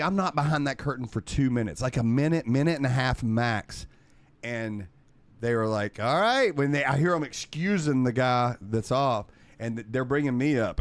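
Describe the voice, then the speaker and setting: A man, a guest telling a lively story in casual chat, acting out his own past lines. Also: medium pitch, dry recording. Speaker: guest comedian and drummer.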